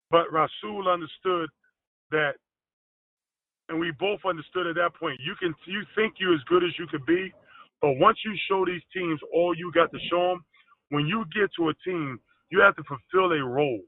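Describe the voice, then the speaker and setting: A man and former pro basketball player, telling stories as a guest in a casual interview, with loose grammar and lively delivery, heard over a tinny phone line. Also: on the high side, brisk, no echo. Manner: animated storyteller, loose grammar.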